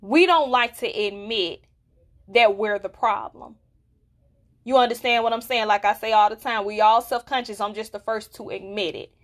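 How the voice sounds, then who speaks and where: A woman's voice: fairly high pitch, normal speed. A woman in her twenties hosting a solo podcast, talking candidly and bluntly, often checking in with her listeners. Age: 20s. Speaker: podcast host. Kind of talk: casual solo podcast talk.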